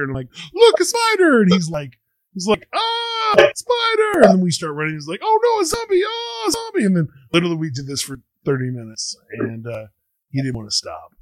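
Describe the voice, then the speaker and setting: A man's voice: on the high side, no echo, poor audio. A man hosting a casual online chat show, rambling and chuckling as he talks. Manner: laid-back, chuckling, rambling. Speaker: podcast host.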